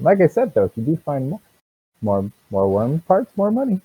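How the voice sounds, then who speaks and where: Game master, lively swinging delivery, husky, tinny phone-like sound. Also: male voice, a little high, normal speed. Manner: loose, filler-heavy narration. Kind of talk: narrating a tabletop game. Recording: tinny phone-like mic, dry.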